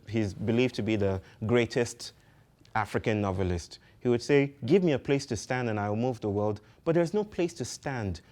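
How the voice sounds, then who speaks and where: A man's voice: lowish voice, a little mellow. Poetic man giving a public talk. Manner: poetic, philosophical, emphatic with repetition. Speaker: speaker.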